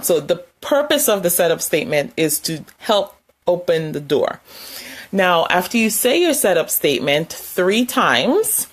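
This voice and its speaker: A woman's voice: fairly low pitch, very animated, a little slow. A woman giving a casual, conversational lesson, demonstrating tapping points with her hands and chuckling now and then. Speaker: wellness instructor. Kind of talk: casual instructional talk.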